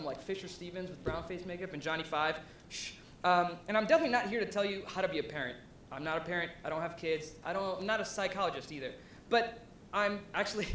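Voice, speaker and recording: Presenting live before an audience at an event venue, this fairly high-voiced young man from Ohio keeps things casual and conversational. Ums and likes come often, along with rising asides; a noticeable echo and faint low rumble fill the room.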